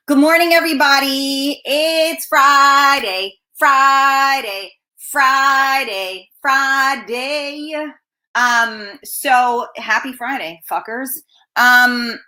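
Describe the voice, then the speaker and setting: A woman's voice: mid-range voice, pushed and bright, echoey room, low-quality recording. A woman hosting a casual live-streamed talk show, brash and profane, talking in a fired-up way.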